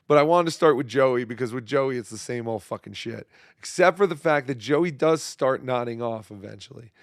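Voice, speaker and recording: A hoarse man who is losing his voice hosts a casual livestream chat, reading viewer messages in a profane, mumbling, self-deprecating way. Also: mid-range voice, a bit bright, no room sound, studio quality. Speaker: show host.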